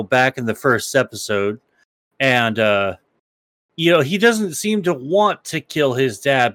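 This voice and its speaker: A man's voice: mid-range voice, a bit bright, no echo. Hesitant podcast man, dry sound. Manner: hesitant, searching for words. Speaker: podcast co-host. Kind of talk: casual discussion.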